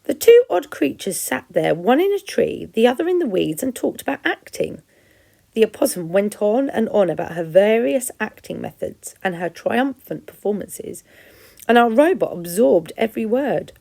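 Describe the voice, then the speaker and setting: A teacher from England reading a children's story aloud with expression. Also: female voice, medium pitch, very animated, normal speed, creaky, warm tone.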